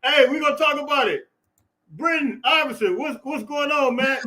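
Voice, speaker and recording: An American man hosting a casual sports podcast, loud and hyped, shouting greetings and laughing with viewers. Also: very high-pitched, normal speed, rough recording. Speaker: podcast host.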